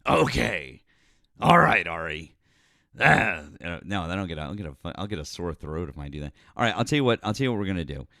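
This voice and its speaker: A man's voice: sits low, lively intonation, racing, few pauses, no room sound, clean studio sound. A middle-aged man hosting a live-stream call-in show, rambling and often apologizing with a self-deprecating manner. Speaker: host.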